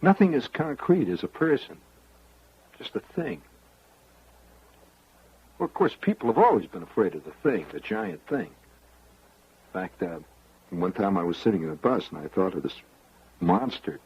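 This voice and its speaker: A man's voice: fairly low pitch, sing-song, a little slow, long pauses, breathy edge, dry recording, highs cut off. A man hosting a radio show, spinning a rambling, wry monologue straight to the listener. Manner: rambling storyteller, confiding, wry. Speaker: radio host.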